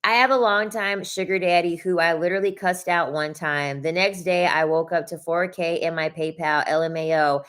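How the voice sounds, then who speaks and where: A woman's voice: fairly low pitch, fairly even intonation, normal speed, few pauses, a bit bright. A young adult woman hosting a casual livestream, talking bluntly with swearing and repeating her points for emphasis. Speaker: livestream host reading chat.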